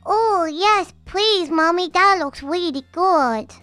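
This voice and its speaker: Lady putting on a squeaky little baby girl voice, childlike and pleading, dry close sound. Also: takes it slowly, fairly bright tone, dry recording, faint music behind, full character voice. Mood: sweet. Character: talking baby girl, sweet and whiny.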